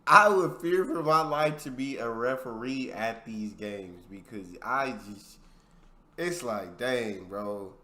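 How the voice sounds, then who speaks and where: Brief: lively male reaction host, bright tone, echoey room. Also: mid-range voice, slow. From United States. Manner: animated, exclaiming. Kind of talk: casual reaction commentary.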